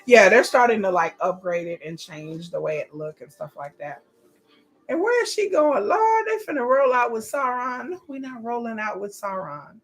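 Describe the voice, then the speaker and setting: A woman streamer reacting in casual, animated chat, profane and laughing often. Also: a little high, normal speed. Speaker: streamer hosting a live watch.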